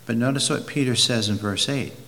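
A man preaching a sermon, slow and deliberate, rising for emphasis and reading scripture aloud. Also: mid-range voice, pushed and bright. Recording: long hall reverb.

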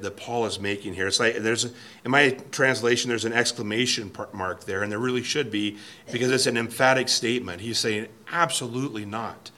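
Pastor guy giving a sermon, earnest and emphatic, keeps repeating words, bright clear tone, mid pitch. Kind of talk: expository sermon. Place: church sanctuary, at a pulpit.

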